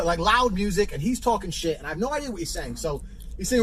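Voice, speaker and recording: Brash, fast-talking man telling a story. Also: sits high, a little hiss or hum, rough recording. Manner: brash, swaggering, lively storytelling. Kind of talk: profane travel anecdote.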